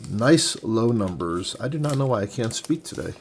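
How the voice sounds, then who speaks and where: A man's voice: mid-range voice, lively intonation, moderate pace, a little hiss or hum. A man in his forties casually unboxing comics, thinking aloud with enthusiasm as he handles each one. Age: 40s. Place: home room with a tripod-mounted camera.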